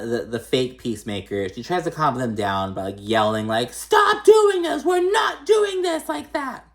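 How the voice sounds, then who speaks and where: Chatty, profane man gossiping through a recap. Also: on the low side. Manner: chatty, profane, gossipy, acts out quoted lines. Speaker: reality TV recap host. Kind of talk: casual recap commentary.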